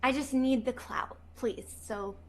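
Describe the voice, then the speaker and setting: A young woman with a fairly high voice chats on a livestream as a guest. She rambles and gushes, circling back on her own words with plenty of restarts and fillers. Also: measured pace. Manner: rambling, gushing, puts on a pleading baby voice at times. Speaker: stream guest. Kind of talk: casual stream chat.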